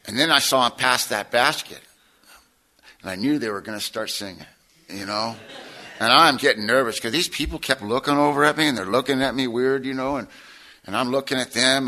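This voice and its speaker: A man sharing his life story at a recovery meeting, a streetwise, slangy storyteller with rough, self-mocking humor. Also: mid-range voice, brisk, pushed and bright. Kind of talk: personal testimony to an audience.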